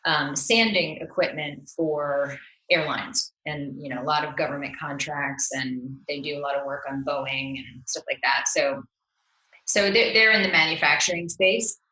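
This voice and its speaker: Lowish, bright woman in a roomy echo. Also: normal speed. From New Jersey. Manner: upbeat, laughs easily, reflective. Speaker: guest entrepreneur. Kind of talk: casual interview chat.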